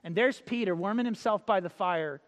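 A male preacher giving a sermon, telling stories, acting out quotes and reading scripture slowly. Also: high voice, in a large hall. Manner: storytelling, acts out quotes, reads scripture slowly.

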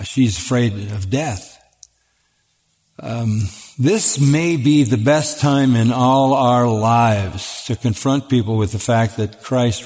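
Older man, pastor, question-and-answer sermon, earnest, emphatic, repeats openings, middle pitch, long hall reverb. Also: darkish tone. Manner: earnest, emphatic, repeats words when starting. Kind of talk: sermon-style Q&A talk. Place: church auditorium.

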